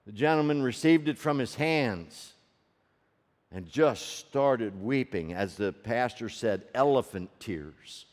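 A man preaching a sermon as a story, swinging from loud peaks to hushed low tones and asking the audience rhetorical questions. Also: lively intonation, takes it slowly. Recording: long reverb of a large hall.

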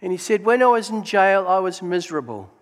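A man telling faith stories in a church testimony talk, animated and exclaiming praise. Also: high voice, a little fast. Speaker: Gideons member giving testimony. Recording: long hall reverb.

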